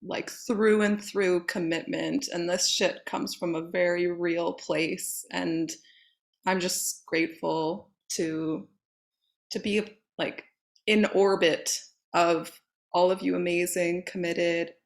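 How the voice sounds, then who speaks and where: Slow-talking woman hosting a video call. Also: fairly low pitch, steady tone, gravelly. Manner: warm, slow, thankful. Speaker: host.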